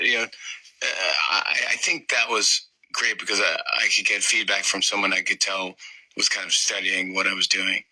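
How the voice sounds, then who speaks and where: Middle-aged male comedian guest, bright tone, animated storytelling with acted-out voices, interview chat. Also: low-pitched, moderate pace, rough recording.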